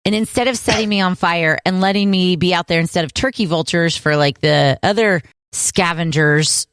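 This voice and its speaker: A woman's voice: on the low side, moderate pace, smooth, no echo, clean studio sound. A woman in her thirties co-hosting a podcast, chatting casually and telling stories with acted-out voices. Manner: animated storyteller, acts out quoted voices. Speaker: podcast co-host. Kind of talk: casual chat.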